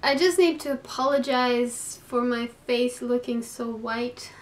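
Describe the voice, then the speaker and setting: A woman's voice: a little high, steady tone, unhurried. A woman recording a casual vlog to camera indoors at night, chatty and reflective. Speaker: vlogger.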